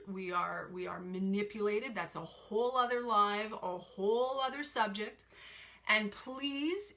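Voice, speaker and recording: Slow, bright-voiced woman coach. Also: mid-range voice. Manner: emphatic, repeats phrases for weight. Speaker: life coach. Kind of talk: personal story to viewers.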